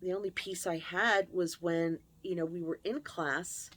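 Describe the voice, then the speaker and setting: A woman's voice: fairly low pitch, fairly even intonation, measured pace, fairly bright tone. A woman host speaking candidly and emotionally in a confessional personal story, recorded at her computer. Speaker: channel host.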